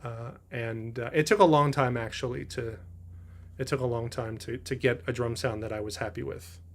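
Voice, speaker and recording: A man hosting a drum livestream from his drum room, chatting casually and reading viewer comments, with a rambling, halting delivery through studio mics. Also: mid-range voice, fairly even intonation, fairly bright tone. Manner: rambling, halting, many fillers and restarts. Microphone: studio mics through a preamp.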